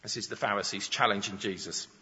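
A man's voice: fairly low pitch, fairly even intonation, fast talker, bright, forceful tone. A man preaching a sermon, explaining Scripture with examples and rhetorical questions. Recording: dull sound with long reverb in a large hall.

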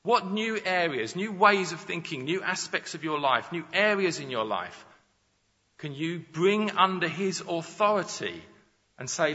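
A man preaches a teaching sermon, his pitch rising and falling freely as he works through examples and questions. His tone is bright and forceful. The sound is dull and rings with long reverb through a large church hall. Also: big pitch swings, unhurried.

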